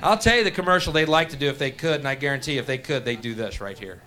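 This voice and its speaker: A man's voice: mid-range voice, fast talker, hardly any pauses, sharp tone. A man doing stand-up comedy, ranting and swearing. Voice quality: profane, ranting. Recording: live club recording with crowd.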